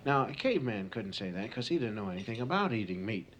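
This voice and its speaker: A man's voice: fairly low pitch, big pitch swings, quick pace, few pauses, fairly bright tone. Rambling male stand-up storyteller. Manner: rambling, loose, lots of asides. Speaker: stand-up comedian. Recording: hissy home tape recording.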